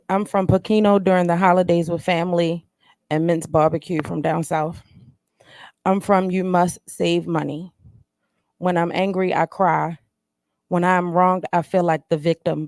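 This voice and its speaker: A young woman with a Baltimore accent reading her own spoken word poem in a steady recited cadence. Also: lowish voice, normal speed, no echo, studio quality. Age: young adult.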